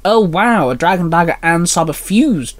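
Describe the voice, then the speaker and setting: Casting: man playing an upbeat, loving dad, raised voice, lively. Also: a little high, moderate pace, no room sound, close to an everyday voice. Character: cheerful loving middle-aged father.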